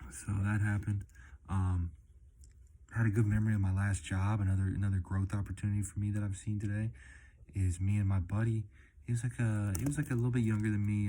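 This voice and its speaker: Young male vlogger, low mellow monotone, laid-back, profane, casual chat. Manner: laid-back, swears a lot, says "man" and "dude" often. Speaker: delivery driver vlogger. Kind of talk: casual rambling vlog.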